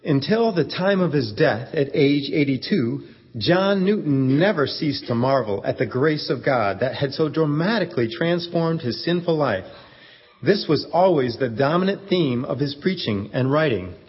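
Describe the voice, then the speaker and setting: A man narrating a story in a steady, earnest way, in a dull stage recording. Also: fairly high pitch, moderate pace, breathy edge. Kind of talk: scripted narration. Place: church event stage.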